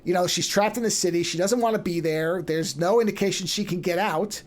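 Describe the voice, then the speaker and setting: Animated podcast host retelling a plot. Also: mid-range voice. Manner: animated storytelling, acting out characters' lines in quick asides; loose and chatty, frequent restarts. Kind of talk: casual chat, retelling an anime plot.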